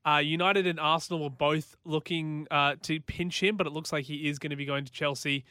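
Fast, bright sports reporter. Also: male voice, fairly high pitch, steady tone, smooth, dry recording, clean studio sound. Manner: quick, informed, passionate about football. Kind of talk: sports news chat.

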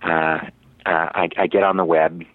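Low-voiced man rambling through a story. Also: flat delivery, moderate pace, no room sound. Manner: rambling, with many fillers and restarts. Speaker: actor, interview guest. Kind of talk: casual storytelling in an interview. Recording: dry, tinny, phone-like radio audio.

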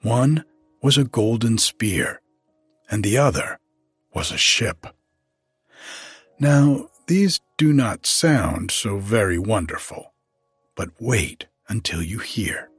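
A man narrating a storybook to the listener in an unhurried, gentle way. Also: fairly low pitch, animated, slightly rough, no echo. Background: faint music.

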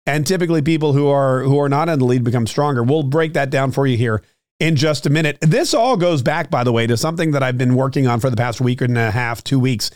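A man hosting a solo political commentary show, talking straight to his listeners with many fillers and restarts, his throat a little rough. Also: mid-range voice, fast talker, darkish tone, dry recording, studio quality. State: clearing his throat, slightly choked up. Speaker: political podcast host.

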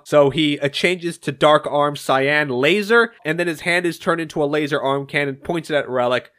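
A young man co-hosting a podcast, recapping comic issues in a casual, animated way and swearing freely. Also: a little high. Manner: animated, reads dialogue in quick paraphrase, swears casually.

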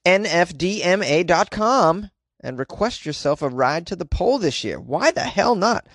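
A man's voice: high-pitched, expressive, unhurried, a bit bright, dry recording, clean studio sound. A man hosting his own podcast, chatting casually and joking, with many fillers and restarts. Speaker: podcast host. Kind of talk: casual solo podcast talk.

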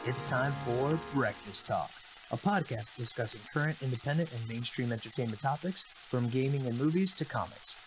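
A man's voice: mid-range voice, moderate pace, noisy background. A man co-hosting a podcast, reading the intro in a playful, upbeat way and joining the chat. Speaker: podcast co-host and intro reader. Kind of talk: upbeat show intro, then casual chat.

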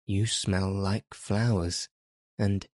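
A man's voice: low voice, fairly even intonation, drawn-out words, a little mellow, dry recording, studio quality, full character voice. A man voicing a curious young boy who marvels eagerly in a storybook reading. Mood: joyous.

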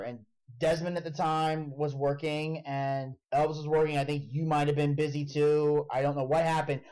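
A man hosting a casual podcast chat, telling a story in an animated way and swearing freely. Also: on the high side, rough recording. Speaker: podcast host.

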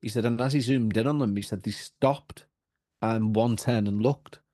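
Low, mellow Liverpool man telling a story. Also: normal speed, no room sound, clean studio sound. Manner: animated storyteller, restarts and repeats himself. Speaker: podcast guest. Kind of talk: casual storytelling chat.

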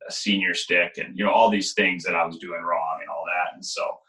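A man's voice: low-pitched, fairly quick. A man who coaches goalies, talking casually and telling stories with lots of fillers. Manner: relaxed storytelling with many fillers. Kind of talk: casual conversation. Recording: echoey room.

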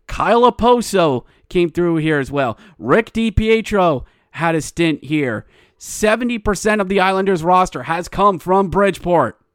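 This solo hockey podcast host, a man with a high-pitched voice and echo-free studio sound, rants with mounting exasperation. The longer he talks, the louder and more wound up he gets.

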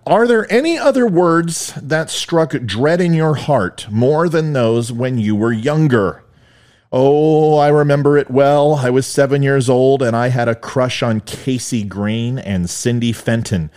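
A man's voice: mid-range voice, a little mellow. A middle-aged man hosting his own podcast, telling a story in a solo monologue with wry, joking asides. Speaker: podcast host.

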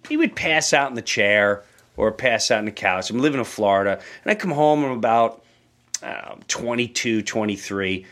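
A man hosting a podcast, telling a story in a casual, animated way and acting out the voices in it. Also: mid-range voice. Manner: animated, acts out quoted voices. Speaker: podcast host.

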